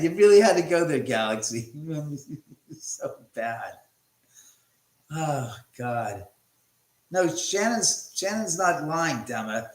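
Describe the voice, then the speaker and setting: A man's voice: fairly high pitch, big pitch swings, slow pace. A middle-aged man hosting a casual livestream from his house, chatting and joking with viewers and cursing freely as he reads their comments. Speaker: livestream host. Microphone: phone. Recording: echoey room.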